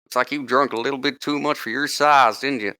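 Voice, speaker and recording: A man's voice: mid-range voice, fairly even intonation, a little fast, bright, forceful tone, clear, resonant tone, no echo, pitched above the performer's own voice, natural voice. A man voicing a swaggering fleet officer who drawls and threatens in a folksy way, in a tabletop game. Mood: mocking.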